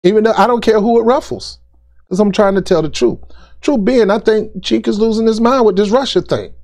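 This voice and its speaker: Guy doing a fired-up political rant vlog, keeps repeating himself, says dude and ain't a lot, voice a bit on the high side. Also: fairly quick, a little mellow. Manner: blunt, repetitive, exasperated; informal speech with "ain't" and "dude". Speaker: political commentary vlogger. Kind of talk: opinion rant to camera.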